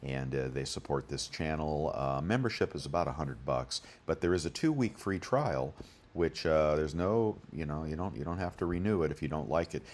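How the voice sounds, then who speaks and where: A man's voice: a bass voice, animated, moderate pace, a little mellow. A man hosting a bullion deals channel, talking casually and rambling through prices with many fillers. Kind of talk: casual screen-share commentary.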